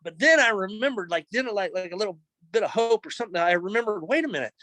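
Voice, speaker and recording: Sharing his recovery testimony from his office, a middle-aged man recounts events in an earnest, emotional, conversational way. His voice sits high and is expressive, quick and a bit bright; the low-quality recording has no echo.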